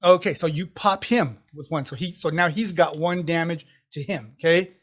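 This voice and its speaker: A man running a tabletop game with a high voice, animated and quick to laugh. He tells the fight blow by blow, often repeating words as he goes. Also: slight background noise. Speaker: game master.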